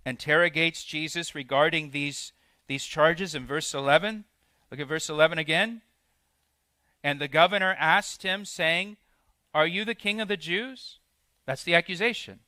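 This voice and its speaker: A man's voice: a little high, bright, forceful tone, dry recording. A man preaching an expository sermon as pastor, walking through a passage verse by verse and acting out the quoted questions.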